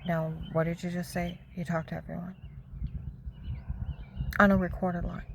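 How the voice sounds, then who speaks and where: A woman's voice: fairly low pitch, flat delivery, moderate pace, vocal fry, slight background noise, rough recording. A woman giving a rambling personal account, agitated and jumping between events, sometimes dropping into a whisper.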